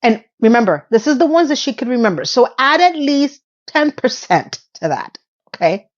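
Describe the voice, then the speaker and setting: A woman's voice: high voice, sing-song, moderate pace, muffled recording. A woman recapping a TV episode in casual, sassy commentary, acting out the characters' lines.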